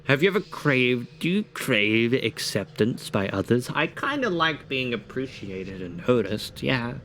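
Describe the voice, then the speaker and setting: A man with a bright, forward voice reads personality-quiz questions on a live stream and answers each one himself. His talk is loose and casual, with swearing mixed in. A faint hiss sits under the voice. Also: medium pitch, big pitch swings, measured pace.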